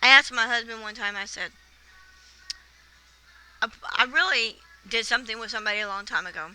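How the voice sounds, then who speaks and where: A woman's voice: on the high side, brisk, sharp tone, a little hiss or hum, low-quality recording. A woman, telling blunt, indignant stories in a casual vlog rant. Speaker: vlogger.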